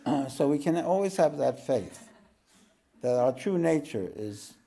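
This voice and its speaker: A man from the American East Coast giving a relaxed spoken teaching to a group, clearing his throat often and joking now and then. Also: fairly high pitch. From East Coast of the United States. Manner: slow, wandering delivery with frequent throat clearing and jokes. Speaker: spiritual teacher.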